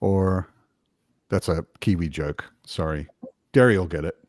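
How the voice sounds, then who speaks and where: A man's voice: sits low, unhurried, a little mellow, dry recording, studio quality. A man hosting a casual video-call chat with friends, joking around and swearing casually. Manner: chatty, swears casually, jokey. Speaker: host.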